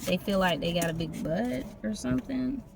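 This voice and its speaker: A tarot reader with a creaky, medium-pitched voice speaks at a moderate pace, giving a loose, casual reading. They free-associate from image to image with plenty of profanity, over a noisy background of vehicle sounds.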